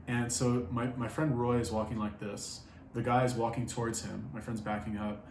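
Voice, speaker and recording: A man's voice: mid-range voice, level tone, normal speed. A young man telling a story casually, rambling and swearing a lot, with many fillers. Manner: profane, rambling, filler-heavy. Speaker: vlogger. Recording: echoey room, faint background noise.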